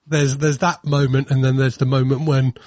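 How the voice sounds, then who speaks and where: A man hosting a podcast, chatting casually with lively restarts and stammers, slipping into mocking silly voices. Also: mid-range voice, normal speed, no room sound, muffled recording. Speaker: podcast host. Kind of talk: casual chat.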